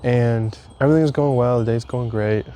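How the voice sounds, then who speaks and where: A man's voice: mid-range voice, normal speed, mellow. Candid young man rambling about a breakup. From United States. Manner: candid, rambling, swears freely, self-mocking. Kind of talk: casual storytelling to camera.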